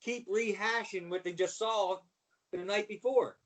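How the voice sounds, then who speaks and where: A middle-aged man, a former wrestler, telling stories as a guest in lively casual chat. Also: sits high, moderate pace. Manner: animated storyteller, repeats "you know what I mean".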